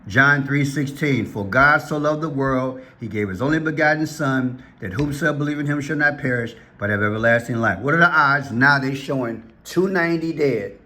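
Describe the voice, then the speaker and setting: A man hosting a casual commentary vlog, excitable and repetitive as he points things out on screen. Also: mid-range voice, moderate pace, hardly any pauses. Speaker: vlog host.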